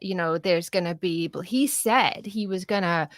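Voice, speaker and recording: A woman's voice: on the low side, moderate pace, dry recording, clean studio sound, natural voice. A woman mimicking a frightened, earnest woman voter in her own voice. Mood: fearful.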